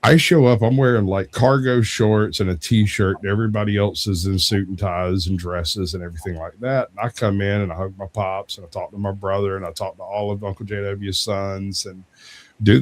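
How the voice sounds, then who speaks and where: Young man with a low voice, casual storyteller who acts out quoted voices and laughs easily. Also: darkish tone. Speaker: debate show guest.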